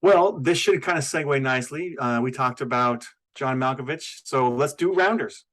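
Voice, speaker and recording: A man co-hosting a podcast, talking about movies in a relaxed, conversational way. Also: mid-range voice, normal speed, low-quality recording. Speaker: podcast co-host. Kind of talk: casual film chat.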